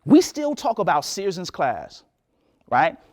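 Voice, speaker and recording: Animated male lecturer, lively storytelling. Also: high voice, slow. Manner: animated storyteller, acts out voices, laughs. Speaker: professor giving a talk.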